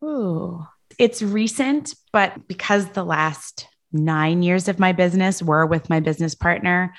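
A woman in her thirties talking as a podcast guest, earnest and explanatory, often tagging her points with a quick "right?". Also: lowish voice. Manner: earnest, tags statements with "right?". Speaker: podcast guest, leadership consultant. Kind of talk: casual podcast conversation.

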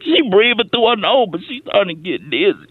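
A man's voice: high-pitched, sing-song, fast talker, slightly rough, dry recording, exaggerated voice. A man voicing a panicky, stammering young male caller who rambles about a family emergency at home. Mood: frantic. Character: frantic young man whose great-grandmother's dentures are stuck. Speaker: comedy character caller. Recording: dry, tinny phone-line sound.

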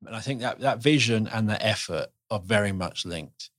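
Low-voiced man with a dry, close sound. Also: moderate pace, fairly bright tone, no echo. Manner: earnest, rambling, restarts his sentences. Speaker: podcast host. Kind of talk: casual podcast conversation.

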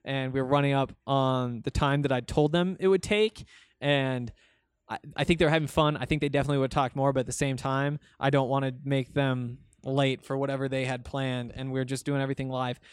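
A man's voice: mid-range voice, fairly even intonation, a little fast, clear, resonant tone, dry recording, clean studio sound. A young man hosting a casual solo podcast, talking in a rambling, conversational way with many fillers and restarts as he answers listener comments. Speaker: podcast host.

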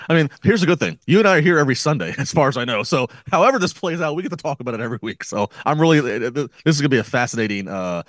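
A man's voice: mid-range voice, expressive, very fast, hardly any pauses, fairly bright tone, dry recording, studio quality. A man co-hosting a podcast, talking about wrestling in a joking, mock-dramatic way. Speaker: podcast co-host. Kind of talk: casual wrestling talk.

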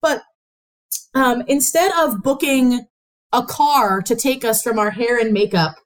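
A woman from the US Midwest with a Chicago-tinged Midwestern accent and a slightly nasal voice, telling stories in an animated, laughing way on a podcast. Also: on the high side, unhurried. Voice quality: a little nasal. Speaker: interviewer, host's sister. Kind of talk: casual podcast storytelling.

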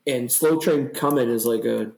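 Young guy rambling and cussing on a podcast, gravelly voice, roomy echo. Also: mid-range voice, normal speed. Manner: rambling, profane, animated storytelling. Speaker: podcast co-host. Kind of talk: casual chat. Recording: echoey room.

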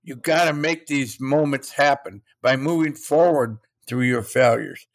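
A man's voice: medium pitch, measured pace. An older man, a motivational speaker, telling a story in an interview and acting out the quotes.

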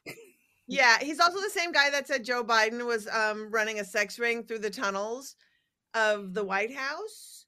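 Bright, irreverent woman host. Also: fairly high pitch, a little slow. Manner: irreverent, profane, wry storytelling. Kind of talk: casual comedic chat.

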